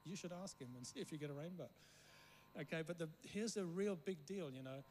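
A guest preacher who grew up in Africa and came to English only at school tells a winding story, stopping often to check in with his listeners. His man's voice sits fairly high. A faint hum runs behind him. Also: brisk, darkish tone, low-quality recording. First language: not English. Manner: rambling anecdotes, keeps checking in with the room. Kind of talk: storytelling sermon.

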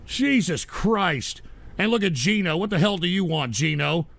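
A man's voice: high-pitched, animated, normal speed, gravelly, fairly bright tone, dry recording. A man hosting a livestream show, reading viewer donations and ranting at trolls with irritable, profane outbursts. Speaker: host.

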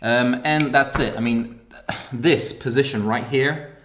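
A man's voice: mid-range voice, slow. Breathless, hyped-up man for a casual gear vlog, middle voice with light background hiss. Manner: excitable, rambling, hyping. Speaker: gear reviewer vlogger. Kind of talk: casual product review.

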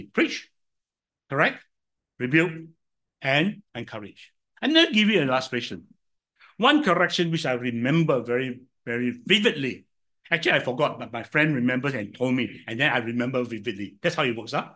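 Animated older Singaporean pastor preaching. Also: male voice, mid-range voice, a little fast. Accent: Singaporean English. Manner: animated storytelling, swinging from loud to soft. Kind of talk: sermon.

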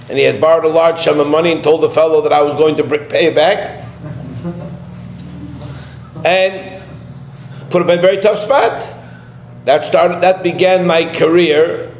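A male rabbi giving a sermon-style lesson, emphatic and full of rhetorical questions, who tells a personal story with animated retelling. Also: fairly high pitch, vocal fry. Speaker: rabbi teaching a weekly lesson. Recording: roomy with a faint hum.

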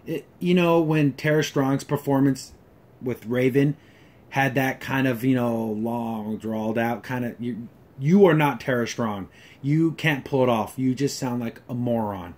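Male host reviewing an episode, mid-pitched, sarcastic, exasperated, fillers and restarts. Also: unhurried, a little mellow. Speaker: show reviewer.

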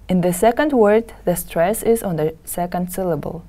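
A woman with a low, dark voice teaches English in a televised lesson. She runs slow, careful drills, sounding out each word and repeating it so students can copy.

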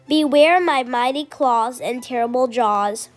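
A bragging male tyrannosaurus from a children's picture book, put on by a woman reading aloud. He announces himself in a high voice and unhurried, roaring declarations. Faint music sits underneath. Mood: boastful. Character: huge boastful male tyrannosaurus hunting breakfast.

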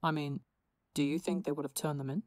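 A woman's voice: deep voice, fairly even intonation, brisk, a little mellow, no room sound, clean studio sound, close to an everyday voice. A woman doing a sheepish young supervillain. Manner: apologetic, hesitant.

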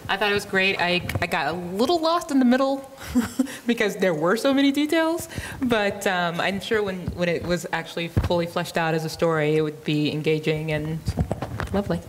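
A woman with a fairly low voice gives friendly feedback in a workshop. Faint noise runs behind her. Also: expressive, normal speed. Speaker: workshop participant. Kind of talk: spontaneous feedback.

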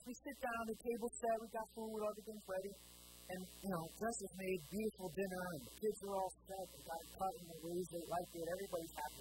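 A man preaching a sermon in church, who asks the congregation questions, answers them himself, and acts out the people in his stories. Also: high-pitched. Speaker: pastor. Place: church sanctuary. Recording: steady mains hum behind the voice.

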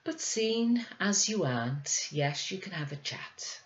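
A woman's voice: on the low side, lively intonation, slow, dull audio, voice pushed up. A woman voicing a worried, scolding village mother who fusses over her son. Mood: fussing. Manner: fussing, exasperated.

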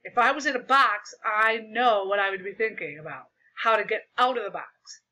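A woman reading a children's book aloud in an animated, expressive way, in a dull lo-fi recording. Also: medium pitch, moderate pace. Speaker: storyteller.

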